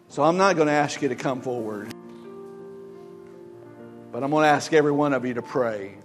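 A male pastor preaching a sermon in an emphatic, exhorting way, with soft music behind. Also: medium pitch.

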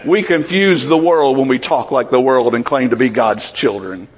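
A man's voice: mid-range voice, moderate pace. A man preaching a sermon in a conversational way, asking the congregation questions and acting out voices from the Bible.

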